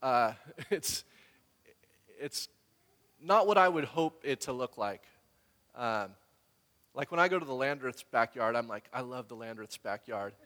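Male pastor, conversational sermon, long reverb, middle pitch. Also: unhurried, long pauses. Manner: conversational storytelling, animated when quoting others.

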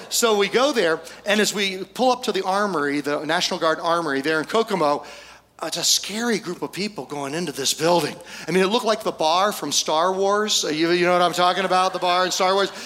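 A male pastor preaching a storytelling sermon, folksy, with humorous asides and pauses for effect. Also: high-pitched, bright, forceful tone.

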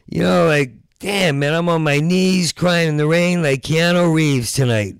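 Gravelly guy doing standup, stammery rambling rants, dry close mic. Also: on the high side, unhurried, few pauses, no echo. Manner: rambling, stuttering restarts, rising into loud rants. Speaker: stand-up comedian. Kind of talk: stand-up comedy set.

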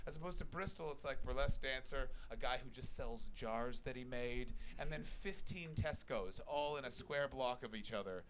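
A man from Ontario, Canada, with a Canadian accent, doing loud, profane stand-up crowd work as a comedian and podcast host on a stage mic. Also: mid-range voice, moderate pace, hardly any pauses, a little hiss or hum. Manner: loud, brash, profane teasing of the audience. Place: comedy stage before a live audience. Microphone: handheld stage microphone. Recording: live venue with a loud crowd.

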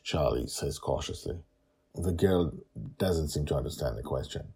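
Brief: low, husky male host-storyteller, lively reading. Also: moderate pace. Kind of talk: scripted story narration.

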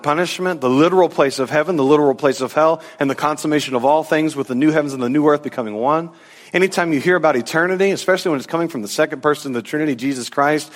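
A pastor in his thirties delivers an animated sermon at a medium pitch, sometimes slipping into a casual voice to act out the disciples. His voice rings through a large sanctuary, and a long reverb trails each phrase.

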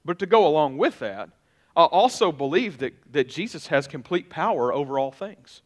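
A man's voice: on the high side, sing-song, moderate pace. A middle-aged male pastor giving a conversational sermon, often repeating and restarting his phrases.

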